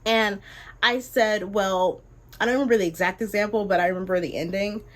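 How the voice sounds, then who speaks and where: Young woman, casual storytelling vlog, animated, exclamatory, middle pitch. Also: fast. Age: young adult. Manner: animated, exclamatory, jumps high in pitch when incredulous. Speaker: vlogger.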